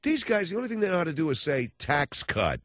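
A man's voice: sits high, very animated, very fast, no room sound, highs cut off. A man hosting a talk radio show, ranting about politics in a sarcastic, mocking way.

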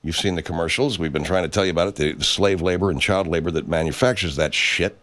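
A man's voice: low voice, quick pace, fairly bright tone. A man delivering an angry, profane, sarcastic political rant as a commentary host.

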